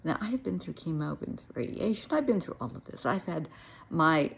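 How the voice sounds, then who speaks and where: A woman's voice: sits low, very animated, fairly quick, vocal fry, breathy edge. A woman who works as a therapist, telling her own story in a frank, blunt way with dry asides. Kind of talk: personal storytelling to camera.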